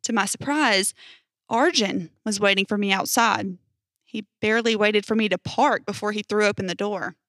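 A young woman hosting a podcast, narrating a first-person horror story in an even storytelling voice. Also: mid-range voice, moderate pace, dry recording, studio quality. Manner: even storytelling, hesitant um in sign-off.

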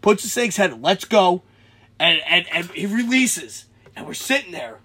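A young man tells a wild story in a loose, profane chat, his husky voice riding up high and swinging hard in pitch. He jumps into loud shouts whenever he acts out what someone said. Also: moderate pace. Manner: animated, swears a lot, shouts when acting out quotes.

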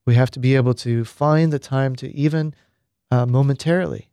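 A man, a priest, giving a spoken retreat teaching on prayer in an unhurried, reflective way with pauses and fillers. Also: mid-range voice, fairly even intonation, warm tone, no echo, clean studio sound.

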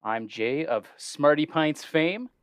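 A relaxed man from Canada hosts a trivia podcast in an easygoing chat, laughing things off. His voice sits close and dry on the mic, with no room sound around it. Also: a little high, smooth, no echo. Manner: easygoing, quick to laugh, self-deprecating. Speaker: podcast host.

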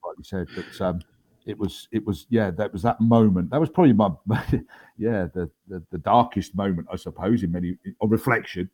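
A man's voice: lowish voice, brisk, darkish tone. A man in his fifties, an army veteran guest, telling his story in a casual interview with wry humour and many ums and restarts.

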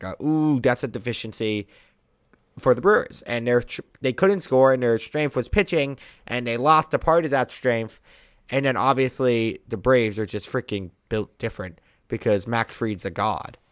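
A young man co-hosting a podcast, talking baseball in a casual, animated way, with big jumps in pitch and loudness for emphasis. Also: moderate pace, clean tone, dry recording, clean studio sound. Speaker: podcast co-host. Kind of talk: casual sports chat.

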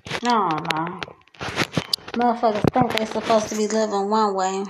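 A woman's voice: mid-range voice, normal speed, very noisy. A young woman hosting a solo podcast, venting in a loose, profane, laughing rant from her kitchen. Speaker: podcast host. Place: home kitchen.

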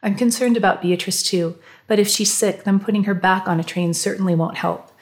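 A woman's voice: medium pitch, steady tone, brisk, close to an everyday voice. A woman voicing a weary, dutiful father. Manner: tired, grows weak and rasping. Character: weary American father, middle-aged man, dutiful.

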